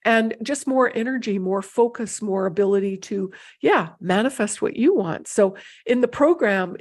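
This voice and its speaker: A woman's voice: medium pitch, darkish tone. A middle-aged woman giving an unscripted talk as an intuition teacher, wandering between thoughts with frequent fillers and restarts. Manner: meandering, restarts with many fillers.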